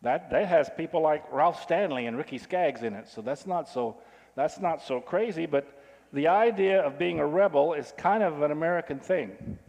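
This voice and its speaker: A pastor preaches a sermon conversationally, often putting questions to his listeners. His voice is a little high, expressive and darkish in tone, at a moderate pace. A long hall reverb follows his words.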